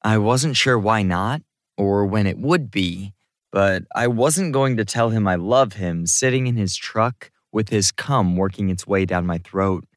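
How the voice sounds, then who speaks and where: Brief: male narrator, low voice, close and dry, steady first-person romance reading. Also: unhurried, no room sound. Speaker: audiobook narrator.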